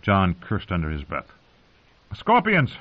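Deep-voiced male fantasy narrator, phone-like audio. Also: expressive. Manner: measured, grave storytelling.

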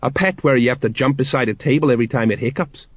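A man reading aloud as a slow-witted, stout older male sergeant who stumbles over words. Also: medium pitch, breathy edge, dry recording, highs cut off, natural voice. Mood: grumbling.

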